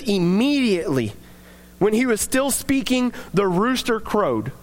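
Male preacher with a very high voice, earnest, reads verses then talks them through. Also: big pitch swings, unhurried. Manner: reads scripture aloud, then speaks plainly and earnestly. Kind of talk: sermon.

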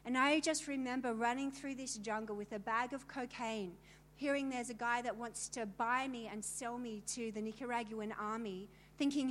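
A middle-aged woman with a high voice shares her testimony with a gathering of women. She tells it in vivid detail and turns to the listeners with emphatic asides. A faint hiss sits under her voice. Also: moderate pace. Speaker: speaker telling her story to a women's gathering. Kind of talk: personal testimony talk.

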